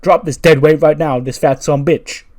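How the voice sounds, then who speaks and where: A man voicing a loud, bossy older male wrestler who barks orders at his nephew, in a wrestling game playthrough. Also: mid-range voice, expressive, moderate pace, pitched above the performer's own voice, close to an everyday voice. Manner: shouting, pushy, barking orders.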